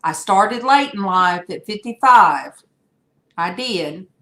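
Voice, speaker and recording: Older woman host, unhurried and chatty, rambles along and greets her viewers by name on a video call. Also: medium pitch, animated, bright, forceful tone. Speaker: livestream host. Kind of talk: casual livestream chat.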